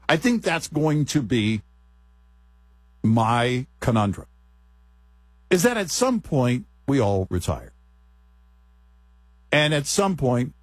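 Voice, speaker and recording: A man's voice: on the low side, breathy edge, no echo. A middle-aged man, a radio co-host, chatting casually with wry joking asides.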